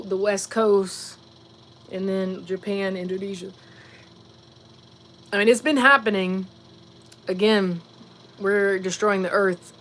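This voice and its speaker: On a casual livestream, a woman from Virginia thinks out loud and replies right to her viewers' comments, with fillers and brief asides. She speaks at a medium pitch with a fairly bright tone, over slight background noise.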